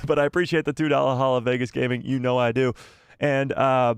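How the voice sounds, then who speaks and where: Host, male, mid-pitched, loose and jokey live-stream patter, dry recording. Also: fairly even intonation, fast talker, clear, resonant tone, dry recording. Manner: rambling, self-deprecating, joking. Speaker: host of a live fan show. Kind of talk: casual live-stream chat.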